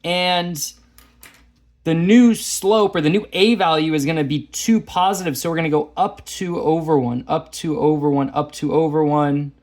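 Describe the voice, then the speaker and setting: A man talks students through math problems on the board, chatty and a little self-mocking. His voice sits somewhat high for a man. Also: darkish tone. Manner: chatty, self-deprecating, talks while drawing graphs. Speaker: math teacher. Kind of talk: casual lesson walkthrough.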